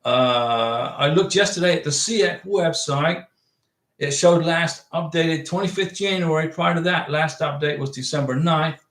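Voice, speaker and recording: A man with a fairly high voice hosts a relaxed livestream, giving visa advice by reading viewer chats aloud and answering them plainly and directly in a folksy way. He speaks at a moderate pace, and a roomy echo suggests an ordinary room at home.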